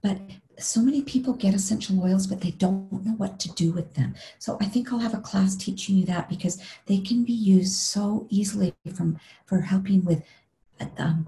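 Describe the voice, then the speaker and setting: A middle-aged meditation instructor guides a meditation webinar over a video call, speaking gently and without hurry and sometimes slipping into a breathy whisper. Her voice is medium-pitched, and the recording is rough.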